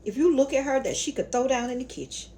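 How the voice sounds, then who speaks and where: A woman's voice: high voice, fast talker, warm tone, a little hiss or hum. A woman with a Southern accent hosting her own spiritual channel, telling a story in a sassy, colloquial way and calling her viewers honey and y'all. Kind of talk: casual storytelling lecture.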